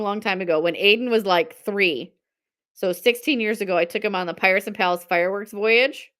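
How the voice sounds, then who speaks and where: A woman's voice: medium pitch, fairly bright tone. A woman in her forties hosting a live-stream sale, chatting casually, telling stories with frequent laughter and reading out viewer comments.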